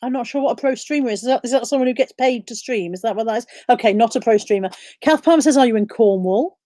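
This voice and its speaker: A woman's voice: fairly high pitch, quick pace, mellow, dry recording, studio quality. Chatty woman reading viewer questions. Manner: reads viewer questions aloud and answers them. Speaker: live stream host. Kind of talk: casual live-stream chat.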